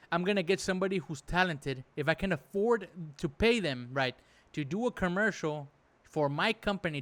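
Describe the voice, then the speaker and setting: A man with a slightly high voice rants through a reaction commentary. He is indignant and exasperated, swears freely and rambles with plenty of fillers. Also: fairly bright tone. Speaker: reaction video host. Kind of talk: profane casual reaction commentary.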